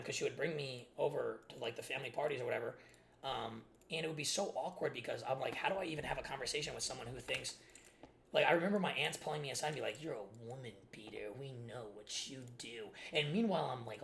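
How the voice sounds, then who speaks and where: A young man in his twenties chats on stream in a rambling, loose way, leaning on filler words. His voice has a gravelly edge, and faint keyboard typing clicks behind him. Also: fairly high pitch, fairly bright tone, a little hiss or hum. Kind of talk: casual storytelling chat.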